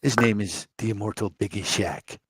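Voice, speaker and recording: A man's voice: lowish voice, fairly even intonation, normal speed, husky. A man co-hosting a casual live chat, wry and teasing as he goes through a pile of items. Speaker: co-host.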